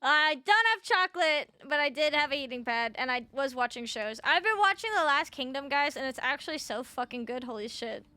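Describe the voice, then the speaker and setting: A woman's voice: high-pitched, expressive, brisk, few pauses, bright, forceful tone, dry recording. A young woman streaming a video game, chatting casually with her viewers, swearing freely and sounding a little tired and short on sleep. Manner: chatty, swears freely, greets chat by name.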